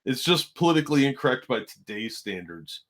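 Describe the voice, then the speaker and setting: Brief: male co-host, mid-range voice, steady and explanatory, opinionated. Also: medium pitch, fairly quick. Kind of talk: casual stream chat.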